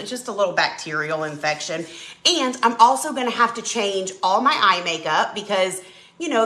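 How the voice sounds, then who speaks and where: A woman chatting casually on a live stream while she paints, telling a dramatic, animated story. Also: medium pitch, roomy sound. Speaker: craft channel host.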